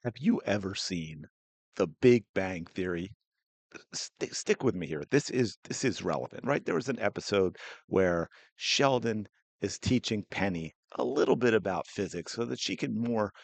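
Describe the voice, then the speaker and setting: A man's voice: lowish voice, lively intonation, normal speed, vocal fry. A man hosting a sports podcast in a chatty, casual way, breaking off into playful asides. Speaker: podcast host.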